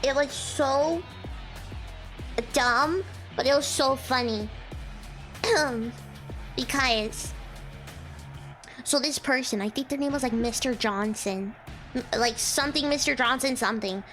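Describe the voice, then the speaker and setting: A woman's voice: high voice, takes it slowly, long pauses, fairly bright tone, soft background music. A young woman VTuber streamer chatting casually with her audience, telling stories with frequent giggles.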